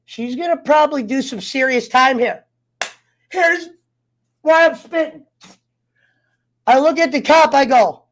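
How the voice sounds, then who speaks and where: A man's voice: very high voice, unhurried, pauses often. A man telling a personal story in casual chat, heated and profane, getting fired up as he talks. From United States. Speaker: round table guest.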